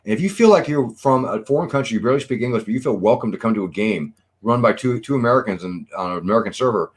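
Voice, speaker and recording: A man's voice: mid-range voice, animated, racing. A man co-hosting a casual chat, talking in long earnest rambles with many fillers. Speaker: podcast co-host.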